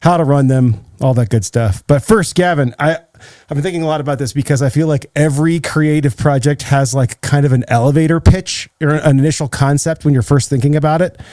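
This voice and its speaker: A man's voice: fairly high pitch, brisk, warm tone, no room sound, clean studio sound. An American man hosting a podcast, talking casually and chattily with lots of filler words. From United States. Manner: chatty, lots of "like" and "you know". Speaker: podcast host. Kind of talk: casual interview chat.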